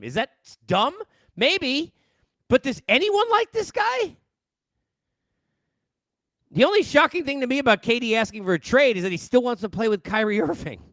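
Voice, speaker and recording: Animated New man ranting, high voice. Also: fairly quick, dry recording. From New York. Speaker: podcast host. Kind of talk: solo sports rant. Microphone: headset.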